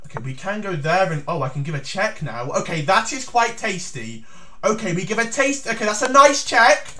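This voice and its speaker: A man giving theatrical, excited commentary on his own chess game as he plays, breaking into shouts. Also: sits high, moderate pace, a little hiss or hum. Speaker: chess YouTuber.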